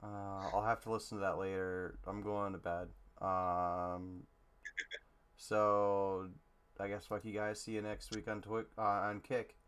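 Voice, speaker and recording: A man's voice: on the low side, level tone, a little slow, fairly bright tone, clean tone. A man hosting a podcast in casual chat, blunt and joking. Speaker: podcast host.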